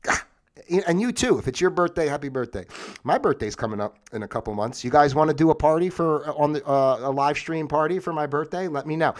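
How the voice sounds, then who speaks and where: Male livestream host, slightly high voice, rambling and sarcastic, loose and unscripted. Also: lively intonation, quick pace. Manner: rambling, sarcastic, jokey asides, frequent fillers. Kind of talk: casual rambling livestream monologue.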